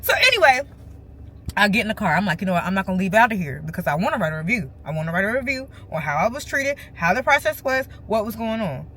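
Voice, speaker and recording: A woman with telling a casual storytime vlog from her car, acting out other people's lines in an animated way. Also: mid-range voice, quick pace, slight background noise. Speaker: vlogger. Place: parked car.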